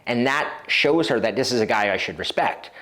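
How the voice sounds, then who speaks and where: A male dating coach talks straight to the camera in a loose, conversational way. His voice sits at an ordinary mid pitch, and he keeps his stories lively by acting out quoted lines. Fillers and small restarts keep it relaxed and unscripted. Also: moderate pace. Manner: casual with frequent fillers and restarts. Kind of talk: instructional video talk to camera.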